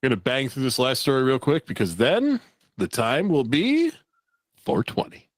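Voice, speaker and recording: A man hosts a laid-back talk show, reading strange news items aloud with a loose, profane delivery. His pitch swings widely as he talks. The sound is dry and close. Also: wildly swooping pitch, moderate pace, no room sound. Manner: loose and profane, laughs at the stories. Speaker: podcast host.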